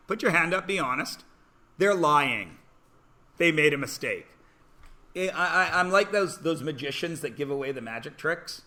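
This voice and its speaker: A bright, fairly high-pitched man teaching a math lesson in a classroom. He talks casually, cracks jokes at his own expense, and keeps nudging quiet students to take a guess. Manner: joking, self-deprecating, prodding students to guess. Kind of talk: classroom lecture.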